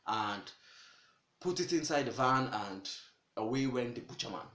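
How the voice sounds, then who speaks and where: A man casually telling a folktale, animated and exclamatory, with chatty asides. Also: mid-range voice, moderate pace, roomy sound, a little hiss or hum. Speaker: storyteller. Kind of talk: casual storytelling.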